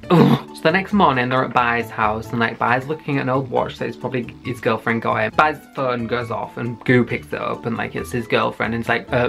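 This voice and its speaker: A man's voice: mid-range voice, gravelly, sharp tone. A young man casually recapping a web series, rambling with constant fillers and swearing. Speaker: YouTube reviewer.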